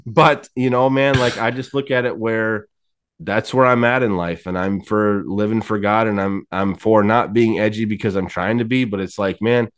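A man's voice: lowish voice, smooth. A man in his late thirties telling his faith story candidly, laughing often and acting out the people in his story. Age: 30s. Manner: candid, laughs often, animated quoted voices. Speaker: podcast guest. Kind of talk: casual testimony storytelling.

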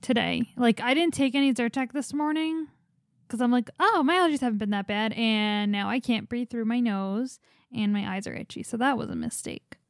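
A woman co-hosting a podcast, talking in an easygoing, relaxed way in casual chat. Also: a little high, moderate pace, dry recording, studio quality. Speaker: podcast co-host.

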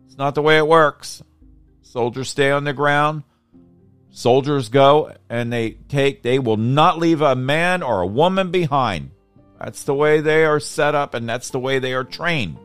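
A man's voice: on the high side, animated, a little slow, fairly bright tone, no echo, faint music behind. Indignant man ranting on politics. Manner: frustrated, indignant, rallying. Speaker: political podcast host. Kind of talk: angry political commentary monologue.

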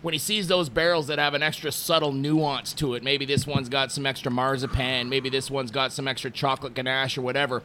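A man from Montreal, Canada, talking casually about his work at a distillery, telling relaxed stories with lots of fillers. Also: medium pitch, fairly quick, few pauses, background noise. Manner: relaxed storytelling with many fillers. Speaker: distillery brand representative. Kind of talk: casual interview talk.

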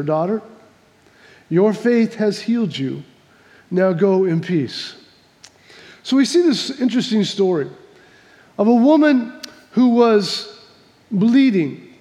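A man's voice: high-pitched, warm tone, big-room sound. A man preaching a sermon, telling a folksy joke before reading scripture, with many restarts and repeats. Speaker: pastor.

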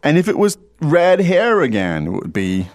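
A man leads a relaxed language lesson, steering it along with questions and frequent fillers. His pitch swings up and down a lot. Faint music plays beneath him. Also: moderate pace, no echo. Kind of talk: casual teaching chat.

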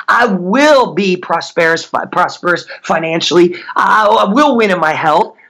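A middle-aged man, a mindset coach, giving a fervent faith-based motivational talk, slowing down to chant affirmations. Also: sits high, gravelly, a bit bright. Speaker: podcast guest, mindset coach.

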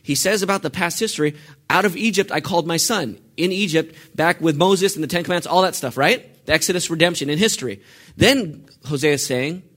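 A male pastor preaching a sermon, asking the congregation questions and swinging between hushed and forceful delivery. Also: fairly high pitch, brisk. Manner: asks the congregation questions and lets them fill in answers.

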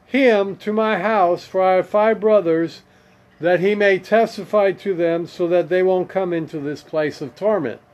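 Male preacher, higher voice, slow and measured, slightly dull lo-fi sound. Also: darkish tone. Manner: slow and deliberate, reading verses aloud with comments. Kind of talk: scripture teaching.

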